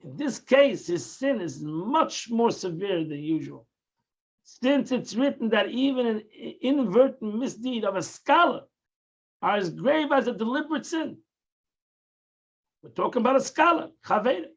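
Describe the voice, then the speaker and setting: A man's voice: extremely high pitch, lively intonation, a little slow, dull audio. A man teaching a daily Tanya lesson, explaining patiently, repeating and restarting phrases and mixing in Hebrew terms. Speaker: Torah teacher.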